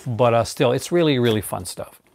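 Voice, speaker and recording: A man's voice: medium pitch, animated, a little fast, creaky, darkish tone. A man from Newfoundland, Canada, chatting casually on a live stream and rambling through restarts and fillers.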